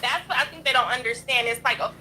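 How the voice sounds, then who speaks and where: High, bright-voiced woman ranting bluntly. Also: fast, low-quality recording. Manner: blunt, profane, combative. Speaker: livestream host. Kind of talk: heated livestream rant.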